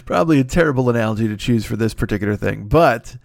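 A man's voice: medium pitch, expressive, gravelly, no echo. Sick-ish podcast guy rambling n swearing, dry close mic, lots of restarts. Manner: rambling, profane, halting with many restarts. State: under the weather. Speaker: podcast host. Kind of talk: casual solo podcast announcement.

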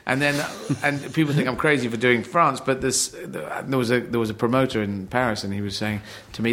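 A middle-aged man born in Yemen, a comedian chatting on a podcast, rambling and playful, slipping into quick mock voices. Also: mid-range voice, fairly even intonation, a bit bright. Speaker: comedian guest. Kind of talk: casual podcast chat.

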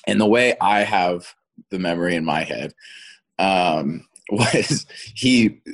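A man's voice: sits low, slow pace. A man in his thirties, an actor guest in a casual interview, rambling and repeating words as he talks, often laughing.

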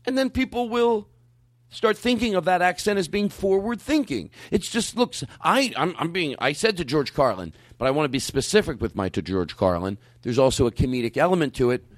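A man's voice: on the high side, sing-song, brisk, dry recording. A man hosting a comedy show in a studio, bossing people around with mock authority, shushing and laughing between lines. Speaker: podcast host. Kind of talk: comedic banter.

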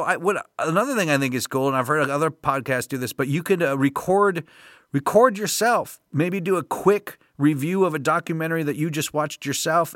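A man's voice: mid-range voice, fairly bright tone, no room sound, studio quality. A man hosting a podcast, talking in a casual, upbeat, rambling way with many fillers. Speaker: podcast host.

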